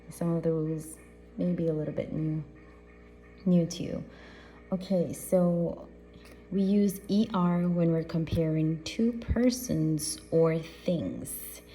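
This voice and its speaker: A woman's voice: on the low side, mellow. A woman teaching a primary school grammar lesson, explaining patiently step by step and repeating key points.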